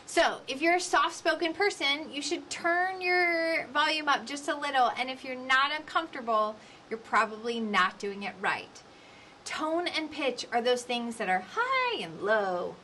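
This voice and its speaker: A woman in her forties giving a lively coaching lecture on public speaking, with varied emphasis. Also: high voice, a little slow, a little hiss or hum. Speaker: instructor.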